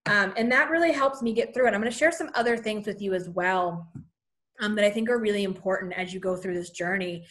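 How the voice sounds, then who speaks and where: A woman's voice: mid-range voice, fairly quick, fairly bright tone. A pregnant woman in her thirties talking casually to her viewers, chatty and encouraging, often saying "you know" and a little out of breath. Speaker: vlogger sharing pregnancy advice. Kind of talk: casual talk to camera.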